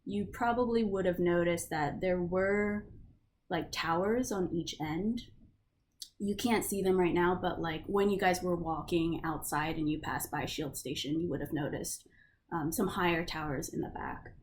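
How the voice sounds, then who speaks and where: A woman's voice: lowish voice, measured pace, slight background noise. A woman narrating a tabletop game as game master in a casual, loose way, with lots of fillers.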